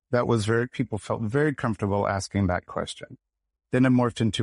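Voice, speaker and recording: A man's voice: lowish voice, brisk, dry recording, studio quality. A man from Michigan, an actor and podcast guest, telling a story in a casual interview and acting out the quoted lines. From United States, Michigan. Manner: animated, acts out quoted dialogue.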